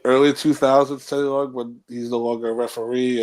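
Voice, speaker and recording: A man's voice: mid-range voice, little pitch movement, fairly quick, a little mellow. A man co-hosting a casual podcast chat, rambling and acting out quotes. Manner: rambling, restarts, mock-quotes others. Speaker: co-host.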